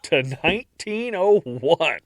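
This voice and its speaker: Lively male podcast host. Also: fairly high pitch, dry recording, studio quality. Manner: storytelling, dramatic pauses, laughs easily. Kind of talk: true crime podcast narration and banter.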